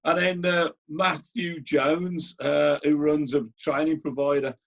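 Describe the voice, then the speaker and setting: A man's voice: on the high side, steady tone, a little slow, gravelly. A middle-aged man hosting a conversational interview, often hesitant and restarting his sentences. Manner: hesitant, with many fillers and restarts. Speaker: host and interviewer. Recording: dull, lo-fi sound.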